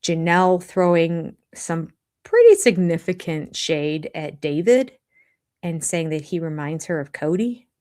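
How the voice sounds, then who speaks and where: An older woman hosting a live chat with viewers about a reality show, casual and animated, with restarts and quoted asides. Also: low-pitched, a little slow. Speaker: livestream host of a reality TV recap channel.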